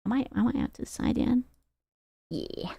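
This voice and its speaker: A young woman streaming and reacting to videos in casual chat, blunt and quick to swear. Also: medium pitch, huge pitch swings, vocal fry, warm tone, breathy edge, no echo. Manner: blunt, swears freely, laughs often.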